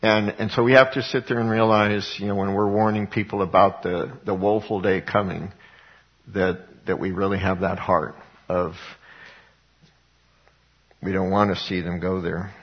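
A man's voice: deep voice, level tone, normal speed, breathy edge. Man preaching through scripture, lo-fi sound. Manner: conversational, with frequent fillers and repeated words, rising to emphatic. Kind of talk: sermon, reading and expounding scripture.

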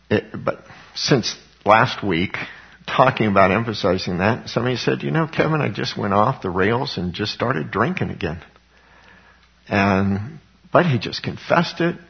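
A man's voice: mid-range voice, vocal fry, husky, highs cut off. A man preaching a sermon as pastor, reading scripture aloud and building up emphasis on key words.

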